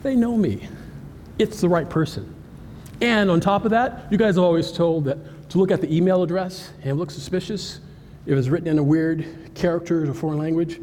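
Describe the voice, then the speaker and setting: A man giving an animated, joking cybersecurity presentation at a live conference, talking straight to the audience. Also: on the high side, fairly quick, a little hiss or hum. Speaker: cybersecurity speaker. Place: conference hall. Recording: hall reverb with faint ambience.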